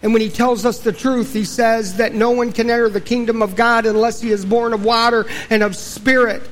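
High-voiced folksy preacher man. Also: flat delivery, brisk. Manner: folksy storytelling preacher, dropping low and quiet for solemn points. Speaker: pastor. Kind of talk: sermon.

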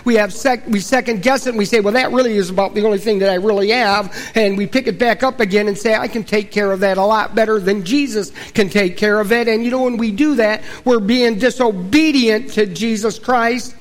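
Male pastor, high voice, casual storytelling sermon delivery. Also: brisk, few pauses. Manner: folksy storytelling preacher, dropping low and quiet for solemn points.

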